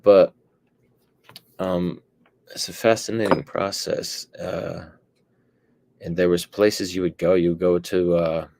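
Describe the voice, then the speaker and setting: A man with a very deep, gravelly voice talks in a slow, level drawl. He pauses often and fills the gaps with hesitant "uh"s and "um"s. He sounds like a panelist in a casual discussion. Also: steady tone, darkish tone, no room sound. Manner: hesitant, many fillers and pauses.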